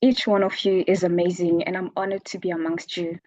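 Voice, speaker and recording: A woman's voice: fairly low pitch, flat delivery, a little fast, darkish tone, no echo, lo-fi sound. A woman from South Africa giving an emotional, earnest award acceptance speech over a video call, repeating words for emphasis. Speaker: award winner.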